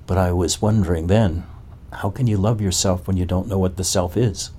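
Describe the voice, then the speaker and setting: A man's voice: low voice, steady tone, normal speed, warm tone, husky. A man as a spiritual teacher, giving a talk to a gathering and asking one probing rhetorical question after another.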